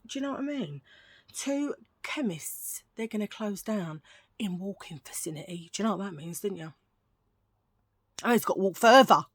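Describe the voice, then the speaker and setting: A woman's voice: fairly high pitch, warm tone, no echo. A middle-aged woman, chatting in a rambling, jokey way to her viewers about her shopping finds. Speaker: vlogger. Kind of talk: casual haul vlog chat.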